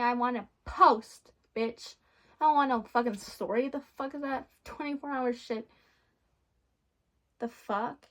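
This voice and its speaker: A young woman vlogger telling a storytime rant in a blunt, profane, animated way. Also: fairly high pitch, vocal fry.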